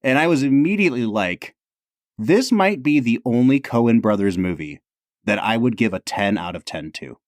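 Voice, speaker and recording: A man co-hosting a podcast in casual chat, earnest and excitable, filling his talk with "like". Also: medium pitch, normal speed, no echo, studio quality. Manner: earnest, excitable, says "like" a lot. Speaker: podcast co-host.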